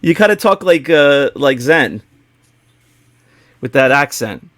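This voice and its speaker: A man's voice: medium pitch, expressive, slow, fairly bright tone, no echo, studio quality. A man hosting a casual podcast, opening the show in an upbeat, joking way. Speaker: podcast host.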